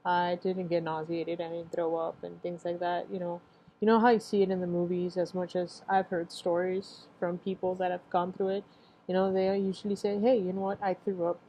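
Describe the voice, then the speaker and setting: Mellow-voiced young woman sharing her story. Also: lowish voice, level tone, moderate pace, slight background noise, poor audio. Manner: rambling, heavy on filler phrases, emotional at times. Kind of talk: casual personal testimony.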